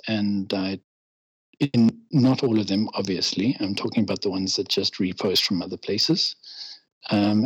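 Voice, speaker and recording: A man's voice: lowish voice, a bit bright, husky, dry recording, rough recording. A man, a guest in a casual podcast interview, chatty and self-deprecating, given to ranting. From England.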